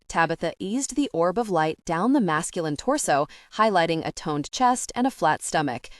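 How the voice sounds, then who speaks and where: A woman narrating a fantasy audiobook in a steady, even storytelling voice on a close mic. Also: lowish voice, normal speed, dry recording. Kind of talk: scripted narration.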